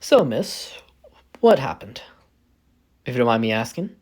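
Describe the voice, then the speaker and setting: A man voicing a short, bald, scheming older man who speaks smoothly and coaxingly, reading a fan story aloud. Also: mid-range voice, big pitch swings, unhurried, darkish tone. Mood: sly.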